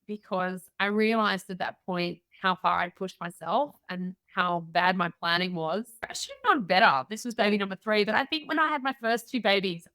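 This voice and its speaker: Mid-range and echo-free, this middle-aged Australian woman is an entrepreneur guesting on a podcast interview. She tells frank, lively stories, performing the voices of the characters in them.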